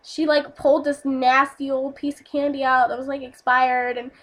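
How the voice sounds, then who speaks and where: High-voiced young woman telling a story. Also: level tone, normal speed, fairly bright tone. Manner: rambling, heavy on fillers and swearing. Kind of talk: casual storytime vlog.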